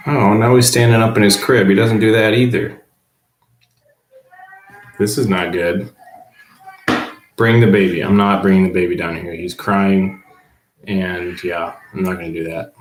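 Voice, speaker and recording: A man with a fairly low voice chats loosely on a livestream from home, below the baby's room, reading viewers' comments aloud and answering them offhandedly. He's a teacher, easygoing and unpolished, speaking unhurriedly with even intonation and frequent pauses. The audio has a noticeable roomy echo and slight background noise.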